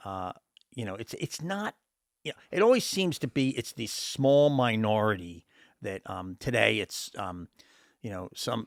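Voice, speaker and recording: Podcast host, male, animated storyteller, very expressive pitch, dry studio mic. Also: no room sound. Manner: animated storyteller, acts out voices in anecdotes. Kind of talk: casual interview chat.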